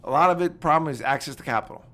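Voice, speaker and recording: A man's voice: on the high side, rapid-fire. A middle-aged man, a military veteran and former congressman, telling stories in an interview and acting out the conversations he quotes. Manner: energetic, animated storytelling that acts out quoted conversations. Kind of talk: casual interview storytelling.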